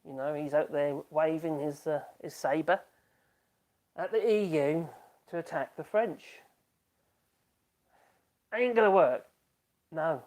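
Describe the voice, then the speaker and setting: A man's voice: a little high, takes it slowly, long pauses, a little mellow. A middle-aged man, chatting casually on a live stream in a rambling way, trailing off and restarting his sentences.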